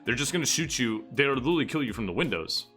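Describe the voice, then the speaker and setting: A man's voice: mid-range voice, lively intonation, fast talker, a bit bright, faint music behind. A man streaming live, casually reviewing competitive match replays, rambling and swearing freely. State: getting out of breath.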